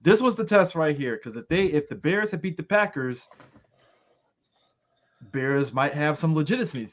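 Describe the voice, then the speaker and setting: A man's voice: a little high, lively intonation, normal speed, muffled recording. A man co-hosting a casual sports chat show, joking and swearing as he breaks down games. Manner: joking, profane, laughs easily. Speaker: podcast co-host.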